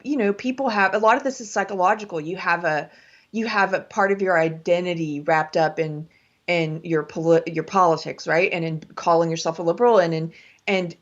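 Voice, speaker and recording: A woman co-hosting a political talk show, speaking in an impassioned, pleading way and often stammering and repeating her words. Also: mid-range voice. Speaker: co-host. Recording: dull lo-fi audio.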